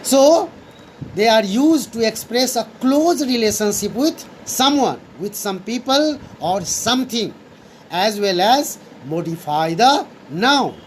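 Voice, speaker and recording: A woman's voice: on the high side, animated, slow, slight background noise, low-quality recording. A woman teaching a grammar lesson to students, going over each definition again and again and returning often to "here" and "so students". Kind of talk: slow classroom lesson.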